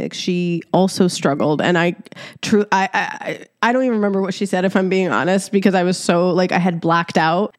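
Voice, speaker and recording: Animated laughing woman podcast host. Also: lowish voice, dry recording, clean studio sound. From Egypt. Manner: animated storytelling, laughing often, casual swearing; talks directly to listeners as "your girl". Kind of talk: solo podcast monologue.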